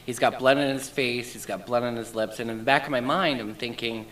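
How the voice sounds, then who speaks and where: A man's voice: medium pitch, fairly even intonation, brisk, a bit bright, slight background noise, low-quality recording. A man giving an emotional first-person account as an interview guest, in a shaken, intense retelling.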